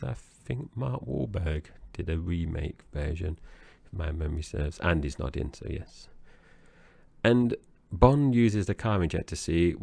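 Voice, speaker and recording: A man's voice: a bass voice, vocal fry, a little mellow, no echo. A man co-hosting a podcast, chatting about a film in a rambling, hesitant way. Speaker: podcast co-host. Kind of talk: casual film-review chat.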